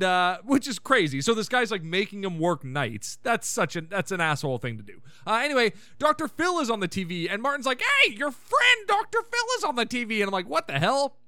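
A man's voice: sits high, bright, forceful tone, dry recording. A man hosting a podcast, giving a casual, irreverent recap of a sitcom episode with sarcastic asides and rants. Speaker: podcast host.

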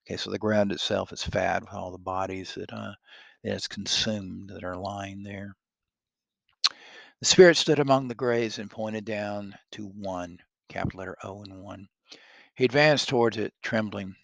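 Gravelly man reading a classic tale. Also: lowish voice, no echo. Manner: stops to explain the text and reread lines. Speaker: reader. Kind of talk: reading a classic story aloud with commentary.

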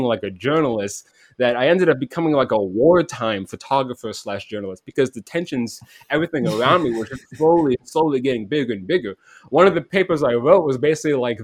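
A man's voice: mid-range voice, dry recording. A man telling a rambling, casual story about an online game, full of "like" fillers, acting out quoted voices. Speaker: podcast guest.

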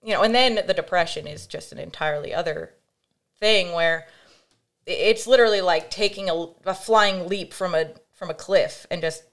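A woman's voice: lowish voice, moderate pace. A young adult woman speaks as a podcast guest, recounting a personal experience frankly. She talks casually, with lots of "like" and "you know", and briefly acts out the voices of people in her story. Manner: animated, acts out quoted voices, frequent fillers. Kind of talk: candid conversational storytelling.

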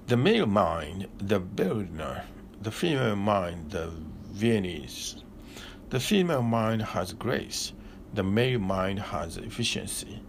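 Man, spiritual teacher, deliberate pauses, very slow delivery, faint background hiss. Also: lowish voice, sing-song, gravelly. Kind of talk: philosophical discourse.

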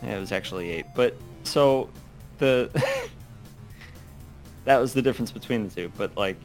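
Man, casual rambling chat, swears, laughs a lot, average pitch, faint background music. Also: expressive, moderate pace.

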